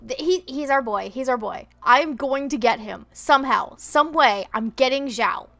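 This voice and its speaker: High-voiced emotional woman streamer. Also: normal speed, vocal fry, hardly any pauses. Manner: emotional, animated, exclamatory. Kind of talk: gameplay livestream commentary.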